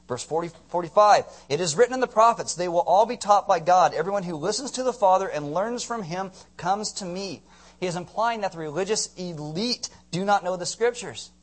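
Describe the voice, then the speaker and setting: A man preaching a sermon in an animated, joking way, often acting out quotes in put-on voices. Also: high-pitched, fairly quick. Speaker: pastor.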